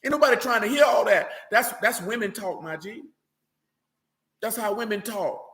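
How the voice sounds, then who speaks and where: A man preaching in a loose, streetwise way, blunt, emphatic and full of slang. His voice sits high and bright. It rings out in a roomy, echoing space. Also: lively intonation, normal speed. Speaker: religious teacher. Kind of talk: informal streetwise sermon.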